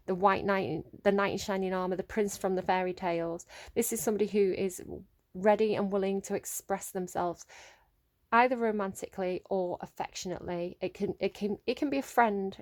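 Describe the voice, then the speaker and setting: Tarot reader: woman, soft emotive delivery, hesitant fillers, mid pitch. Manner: gentle, emotive, searching for words with many fillers. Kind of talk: intuitive tarot reading.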